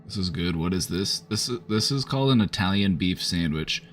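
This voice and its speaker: A man's voice: sits low, lively intonation, moderate pace, faint music behind. A man chatting casually on a live stream, rambling with lots of fillers. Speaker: streamer offering support.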